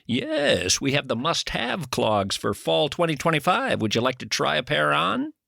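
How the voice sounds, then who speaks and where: A man voicing a matter-of-fact male shoe store clerk in a flat, brisk salesman patter within a comedic bit. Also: fairly high pitch, creaky, no echo, studio quality, heavily acted. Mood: dry.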